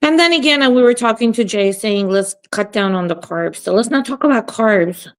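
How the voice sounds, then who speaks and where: A woman's voice: on the high side, lively intonation, moderate pace. A woman co-hosting a casual group chat, joking and rambling as she talks.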